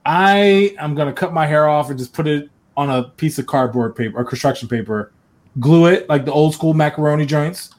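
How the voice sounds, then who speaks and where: A man co-hosting a casual podcast, joking and telling animated stories. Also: on the high side, a little fast. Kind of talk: casual chat.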